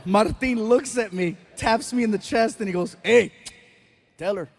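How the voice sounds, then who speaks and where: A man doing stand-up, animated storytelling, acting out voices and laughing at his own jokes on a theater stage. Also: sits high, moderate pace, background noise. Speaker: stand-up comedian. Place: theater stage before a live audience.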